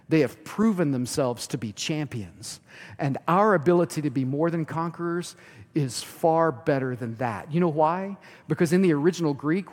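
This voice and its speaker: A man preaching a sermon as pastor, rising to loud emphatic lines and dropping to hushed near-whispers. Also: fairly high pitch. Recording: long hall reverb.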